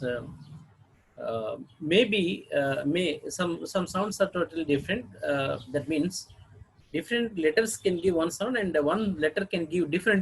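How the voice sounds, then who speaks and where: A man with an Indian English accent giving a video lesson on pronunciation, halting often to clear his throat. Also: a little high, poor audio. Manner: halting, frequent throat clearing and filler sounds. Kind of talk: lecture-style video lesson.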